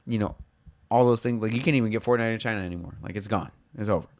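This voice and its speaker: Low-pitched young guy ranting casually on a podcast, blunt and sweary. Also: very fast, darkish tone. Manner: blunt, swears freely, fired up. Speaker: podcast co-host. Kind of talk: casual chat.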